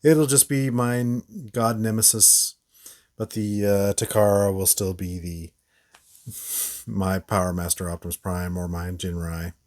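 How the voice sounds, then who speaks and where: A man's voice: low-pitched, steady tone, measured pace, darkish tone. A man hosting a casual toy review, rambling with frequent fillers and short laughs. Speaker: toy reviewer, channel host.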